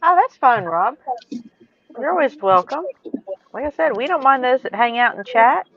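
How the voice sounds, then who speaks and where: A woman hosting a casual chat, welcoming and quick to laugh. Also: high voice, lively intonation. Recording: dull lo-fi sound.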